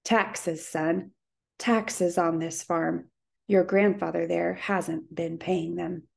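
A woman's voice: fairly low pitch, steady tone, slow pace, vocal fry, heavily acted. Woman voicing a bossy city tax man. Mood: curt, bossy. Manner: bossy, clipped and authoritative. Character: brusque middle-aged male tax collector.

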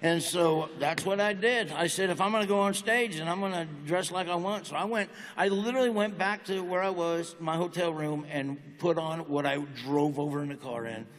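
Middle-aged guy with a southern country drawl, joking around on stage, kinda high voice, long hall echo. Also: fairly quick, few pauses, fairly bright tone. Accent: rural Southern US. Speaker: comedian guest. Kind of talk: on-stage interview storytelling. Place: large university auditorium stage. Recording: long reverb of a big hall. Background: audience.

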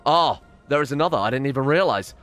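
A man's voice: mid-range voice, animated, fast, fairly bright tone. A man giving rambling, casual commentary on his strategy game, often cutting himself off and swearing. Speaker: let's-play streamer.

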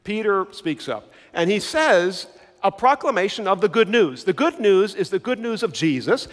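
A man preaching a sermon with a high voice that leaps all over the place. He hammers home words by repeating them and throws questions out to his listeners, and his voice rings with a long hall reverb. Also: animated, normal speed. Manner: emphatic, repeats key words, asks the congregation questions. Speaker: pastor.

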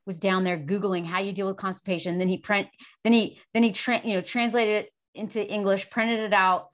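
A frank woman in her forties chats as an interview guest, with a middle-pitched voice. She talks openly and casually, drops curse words without fuss and laughs easily between thoughts. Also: flat delivery, brisk. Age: 40s. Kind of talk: candid casual chat.

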